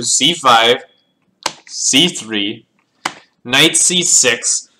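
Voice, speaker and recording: A man's voice: a little high, lively intonation, unhurried, pushed and bright, a little hiss or hum. A man casually reviewing his own chess games, thinking aloud as he calls out the moves and often repeating words. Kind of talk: casual game analysis.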